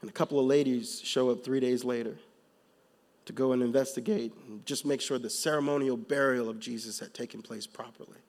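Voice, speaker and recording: A man's voice: medium pitch, fairly quick. Emphatic man preaching a sermon. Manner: builds from calm to loud, emphatic preaching; casual slang asides in storytelling. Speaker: pastor.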